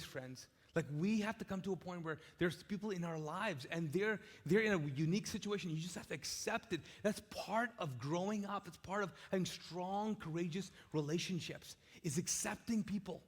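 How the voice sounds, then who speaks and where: A man, a pastor, giving a live conversational sermon in a large church, repeating his phrases and moving between soft and loud. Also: on the high side. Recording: live church hall with long reverb.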